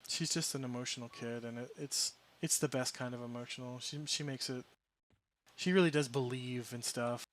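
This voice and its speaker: A man's voice: mid-range voice, fairly even intonation, normal speed. A man casually chatting as a game streamer, rambling through a story with restarts and amused asides. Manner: rambling, self-correcting, amused.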